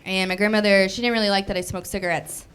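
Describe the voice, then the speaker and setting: A woman's voice: mid-range voice, steady tone, quick pace, a bit bright, smooth. Young woman doing stand-up. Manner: chatty, self-deprecating storytelling. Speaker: stand-up comedian. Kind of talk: stand-up comedy set. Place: movie theater stage before a live audience.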